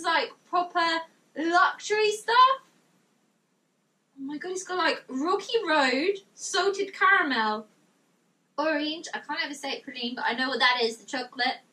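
A young woman with a high, bright voice gushes through an unboxing vlog, exclaiming with delight. She is set back a bit from the mic in her bedroom. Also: recorded from a distance. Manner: gushing, exclamatory, reads notes aloud. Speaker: vlogger.

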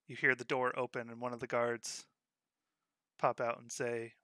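Man game master, slow, bright tone, dry close sound, relaxed. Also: medium pitch, no echo. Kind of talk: narrating a tabletop game.

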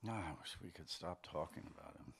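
A man's voice: low-pitched, fairly quick, fairly bright tone, husky, full character voice. A man reading the lines of an insecure, anxious man in a secret affair, hesitant and pleading, stammering as he talks, in a live fiction reading. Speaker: reader of a story's dialogue.

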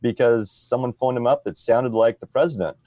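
Guest man, conversational and explanatory, mid-pitched voice, dry close recording. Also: brisk, dry recording. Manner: relaxed, explanatory, tags sentences with "right?". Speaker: podcast guest. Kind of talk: conversational interview.

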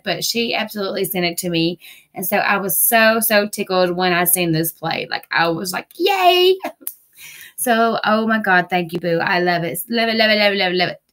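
A woman's voice: medium pitch, pushed and bright. A woman vlogging a nail-product haul from home, gushing and repeating herself with casual fillers. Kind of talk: casual haul video chat. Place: busy home with TVs and dogs.

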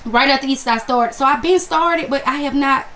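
Chatty woman, slightly high voice. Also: fairly quick, bright, forceful tone. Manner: chatty, calls viewers honey and y'all. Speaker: crafts vlogger. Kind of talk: casual chat to camera.

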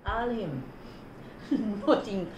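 Slow, lively Jamaican woman teaching patois. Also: mid-range voice. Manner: swaps patois phrases for plain English equivalents. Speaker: host. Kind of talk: casual teaching of patois words. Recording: roomy with background noise.

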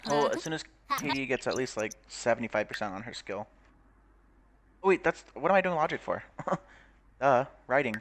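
A man's voice: medium pitch, animated, normal speed, fairly bright tone, a little hiss or hum. A young man giving casual, crude commentary while playing a game, swearing, laughing and reading game text aloud. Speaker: gaming YouTuber.

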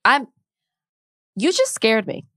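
Female podcast co-host, earnest and quick to laugh, dry sound. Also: on the high side, huge pitch swings, a bit bright, dry recording. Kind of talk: casual podcast chat.

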